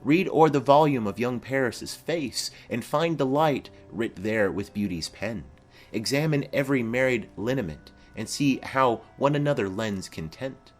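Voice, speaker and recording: A man's voice: mid-range voice, lively intonation, unhurried, soft background music. A man reading a stately noble mother. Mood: formal. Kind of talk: dramatic reading of a play.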